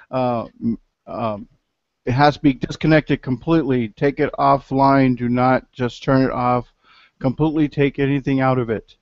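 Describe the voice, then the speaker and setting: A mid-pitched man explains his plan quickly at the gaming table, with plenty of fillers. The sound is dry and a bit dull. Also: fairly even intonation, no echo. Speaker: player.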